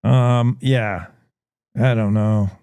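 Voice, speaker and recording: A man's voice: lowish voice, fairly even intonation, drawn-out words, warm tone, clear, resonant tone, dry recording. A man hosting a radio morning show, playfully spinning speculative stories. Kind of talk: talk radio monologue.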